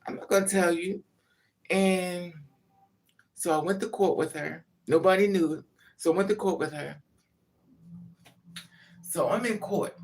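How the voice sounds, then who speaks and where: A man telling candid personal family stories to camera in a blunt, profane, emphatic way, with frequent asides. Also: on the high side. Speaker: vlogger. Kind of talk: candid personal storytelling monologue.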